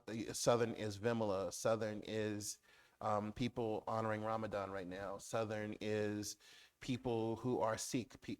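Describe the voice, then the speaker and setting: Animated man riffing in a public talk. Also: lowish voice. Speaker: guest author. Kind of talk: public conversation on stage.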